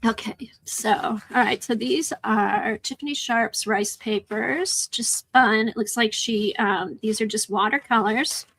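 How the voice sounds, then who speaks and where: A woman's voice: on the high side, measured pace, hardly any pauses, a bit bright, no echo, low-quality recording. A middle-aged woman from Chicago with a Midwestern accent, chatting casually with her viewers during a live art stream and answering their comments. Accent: American Midwest. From Chicago, USA. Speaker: livestream art host. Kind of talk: casual chat while crafting.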